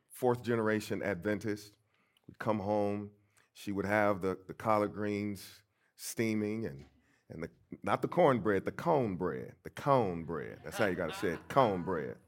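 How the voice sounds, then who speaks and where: Emphatic middle-aged pastor telling stories. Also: male voice, lowish voice. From St. Louis, USA. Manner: emphatic, swings between soft and loud. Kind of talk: storytelling sermon.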